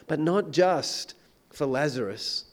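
A man preaching a sermon, swinging between loud emphatic declarations and hushed, intense questions. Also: fairly high pitch, lively intonation, slow pace.

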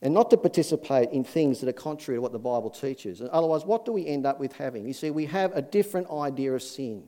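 A man's voice: mid-range voice, animated, fast, hardly any pauses, mellow. A man preaching a sermon in an earnest, folksy way, with many fillers and restarts. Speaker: pastor.

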